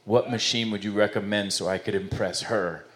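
A man voicing an eager young male gym newcomer asking a slow, hopeful question. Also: fairly low pitch, fairly even intonation, fairly bright tone, pitched below the performer's own voice, close to an everyday voice.

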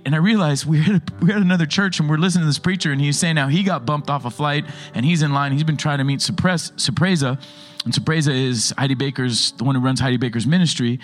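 An animated male pastor delivering a sermon with storytelling energy. His voice sits a little higher than most men's. Soft music plays faintly underneath him.

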